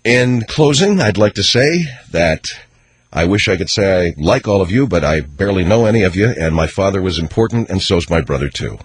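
A man impersonating a smug, self-important male movie star in a comic radio bit, speaking in a low, pompous mumble. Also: lively intonation, moderate pace, breathy edge, no room sound. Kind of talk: comedic celebrity impression on radio.

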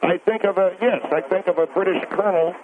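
A man's voice: high voice, brisk. A man calling in to a radio show, ranting in a rambling, insistent way, stumbling over words and repeating himself. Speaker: radio caller. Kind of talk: rambling phone-in rant. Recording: tinny phone line with faint hiss.

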